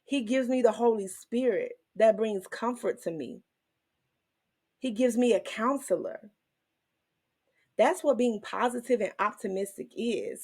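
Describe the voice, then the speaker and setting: A woman hosting her own faith channel, teaching and testifying in an emotional, animated way, with some in her speech. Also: on the high side. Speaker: Christian women's channel host.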